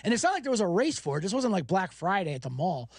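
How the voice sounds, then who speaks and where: A man hosting a podcast, telling stories in an animated, profane casual rant. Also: high-pitched, quick pace, dry recording, clean studio sound. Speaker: podcast host.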